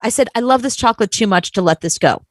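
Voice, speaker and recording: A woman co-hosts a casual chat and tells a story with lively exasperation, slipping into acted quotes. Her voice sits fairly high. The sound is dry and close. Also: quick pace, no room sound. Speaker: podcast co-host.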